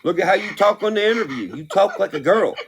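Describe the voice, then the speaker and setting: A man's voice: high voice, expressive, fast talker, a little hiss or hum. A young man, a country music artist, ranting bluntly with heavy swearing. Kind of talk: profane opinion rant.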